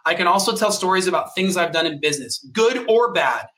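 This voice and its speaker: A man's voice: high-pitched, animated, brisk, sharp tone. A man co-hosting a podcast, coaching listeners in an emphatic, punchy way. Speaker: podcast co-host and mortgage coach. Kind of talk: motivational podcast talk.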